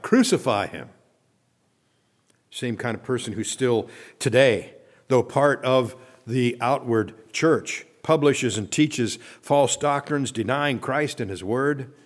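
Here a man preaches as a pastor, earnest in tone and reading lengthy scripture passages out loud. At the close of his phrases, his voice sinks low and soft.

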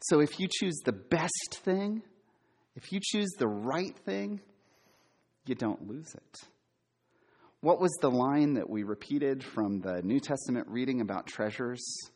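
A middle-aged preacher who used to be a campus minister delivers a sermon, quizzing his listeners and repeating key words for emphasis. His mid-range voice is animated and unhurried, at times loud and at times hushed.

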